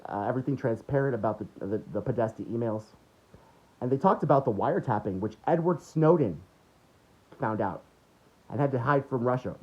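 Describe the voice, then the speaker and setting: A man's voice: medium pitch, a little mellow. A man delivering an angry, mocking political rant full of swearing. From United States. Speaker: political commentator. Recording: dull lo-fi recording.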